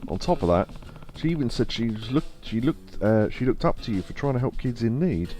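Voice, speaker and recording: This man's voice is medium-pitched, expressive and warm, and he talks briskly. He's live-streaming a video game, chatting casually, laughing a lot as he tells stories, and reading game lines aloud in a put-on accent.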